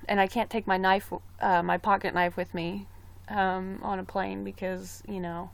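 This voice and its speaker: A woman's voice: medium pitch, flat delivery, a little slow, gravelly. A young woman chatting casually on a live stream, rambling about a trip and reading viewer comments aloud. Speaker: livestreamer.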